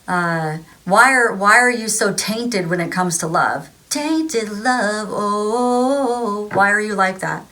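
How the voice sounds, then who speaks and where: Woman, spiritual vlogger, loose rambling delivery, average pitch. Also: unhurried, hardly any pauses, bright, forceful tone. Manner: rambling, filler-heavy, acts out voices. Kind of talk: casual spiritual advice talk.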